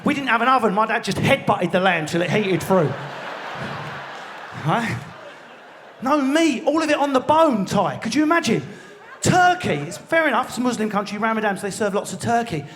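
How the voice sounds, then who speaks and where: An English man with an Essex accent doing a live stand-up routine in a large theatre, ranting fast with lots of swearing and sudden shouts. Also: high voice, lively intonation. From England. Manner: rapid, swearing, mock-outraged rants with frequent shouting. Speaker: stand-up comedian. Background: audience laughter.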